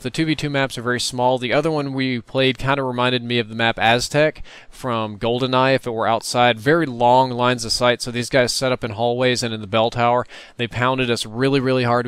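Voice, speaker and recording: A man's voice: medium pitch, a bit bright, smooth, no room sound. A man from the United States talking casually through his own gameplay footage in a rambling, wry commentary. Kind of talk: recorded gameplay commentary voice-over.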